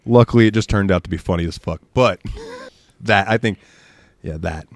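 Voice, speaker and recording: A young man with a low voice co-hosts a podcast at normal speed with no room sound, telling a rowdy story in loose conversation, laughing a lot and imitating his friends.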